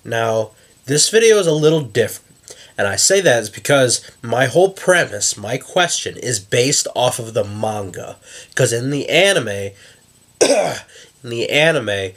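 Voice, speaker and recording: A man's voice: mid-range voice, expressive, unhurried, fairly bright tone. A man with a stuffed-up nose hosting his channel, thinking aloud in casual commentary with frequent restarts. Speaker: YouTube host.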